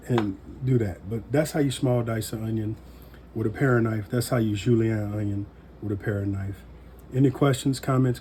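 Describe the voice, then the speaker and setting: Easygoing guy showing knife skills, mellow dark voice, faint noise behind. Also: medium pitch. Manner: relaxed, folksy, joking asides. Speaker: home cook demonstrating knife skills. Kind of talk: casual cooking demonstration.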